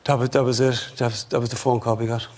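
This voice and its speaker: A man's voice: mid-range voice, level tone, fast, crowd noise. A man with an Irish accent, recalling in an interview as a bereaved father, hesitant and full of fillers. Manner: hesitant, many fillers and "you know what I mean". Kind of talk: emotional interview recollection. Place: TV studio.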